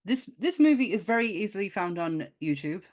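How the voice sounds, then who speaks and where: A woman co-hosting a podcast in a casual chat, lively and quick to laugh. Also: mid-range voice. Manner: lively, laughs often, exclaims. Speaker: podcast co-host.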